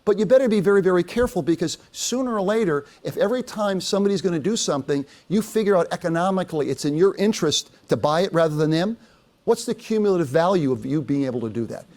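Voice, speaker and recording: A man's voice: high-pitched, fast. An older man giving a business talk, telling anecdotes with quoted dialogue and asking the audience questions. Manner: lively storytelling, quotes others, asks audience. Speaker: speaker.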